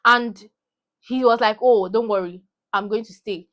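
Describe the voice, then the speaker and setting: A woman's voice: fairly high pitch, fairly even intonation, a little slow, a bit bright. A young woman with a Nigerian accent, ranting heatedly about a movie to her phone camera and repeating lines for emphasis. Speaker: vlogger. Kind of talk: animated movie rant.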